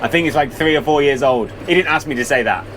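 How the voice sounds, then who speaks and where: A man's voice: fairly high pitch, quick pace, background noise. A man, chatting casually as he films his farm work, rambling and poking fun at himself. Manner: chatty, rambling, self-deprecating. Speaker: farmer vlogger. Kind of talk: casual vlog commentary. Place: outdoors on a farm and in a tractor.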